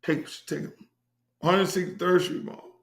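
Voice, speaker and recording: A brash, profane middle-aged man from Miami tells a story on his own show, circling back to the same phrases again and again. His voice sits high and sounds bright and forceful. The room around him is echoey. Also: fairly even intonation, a little slow, gravelly. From Miami, USA. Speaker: host. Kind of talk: casual storytelling monologue.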